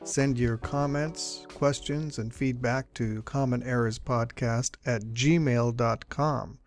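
A man's voice: medium pitch, steady tone, slow pace, soft background music. Hesitant male podcast host. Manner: hesitant, many restarts, tells jokes. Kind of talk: casual chat and joke telling.

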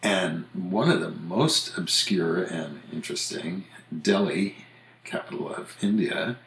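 Deep-voiced older man musing in a roomy space. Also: slow pace, gravelly, fairly bright tone. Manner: musing, self-correcting, chatty. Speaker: podcast host. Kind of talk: casual podcast chat. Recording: roomy echo.

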